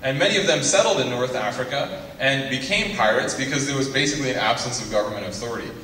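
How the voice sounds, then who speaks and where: Young guy lecturing students, bright forceful voice, cracks jokes, echoey hall picked up from far off. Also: mid-range voice, lively intonation, slight background noise. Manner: quick asides and teasing jokes. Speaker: guest speaker. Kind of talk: joking lecture to a student audience.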